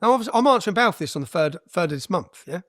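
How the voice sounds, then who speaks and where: A man's voice: high voice, lively intonation, rapid-fire, a bit bright, no echo, studio quality. A man, a guest on an interview podcast, telling his story bluntly and with energy, with frequent "yeah?" tags and some swearing.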